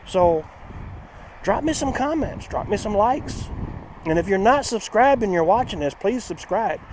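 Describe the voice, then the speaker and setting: A man hosting a casual car-restoration vlog outdoors. He talks in a chatty, folksy way and swings between a high, excited voice and a flat one. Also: slight background noise. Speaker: channel host.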